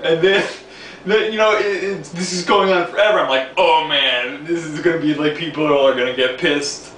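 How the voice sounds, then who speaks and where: At a normal speed, a New York City-area vlogger wanders through a casual tale, laughing and repeating words. His voice is fairly high and fairly bright, with a steady tone. The room echoes, the mic is distant, and there's a faint hiss.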